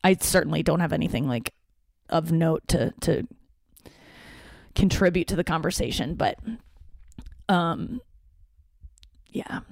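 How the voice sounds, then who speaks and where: A woman's voice: sits low, measured pace, gravelly, long pauses, no echo, studio quality. A woman hosting a podcast, talking in a casual, rambling, self-deprecating way and swearing now and then. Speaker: podcast host. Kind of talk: casual solo monologue.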